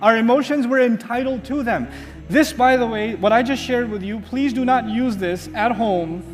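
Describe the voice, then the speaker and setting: A man giving an Islamic lecture, telling a story with dramatic pauses and asking the audience rhetorical questions that he then answers himself. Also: very high-pitched. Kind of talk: religious lecture. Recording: hall reverb with faint music.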